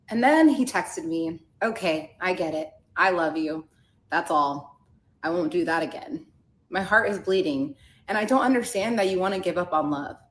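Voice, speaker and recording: A woman's voice: on the low side, fairly bright tone, echoey room. A woman podcast host candidly retelling a personal story and acting out the quoted dialogue.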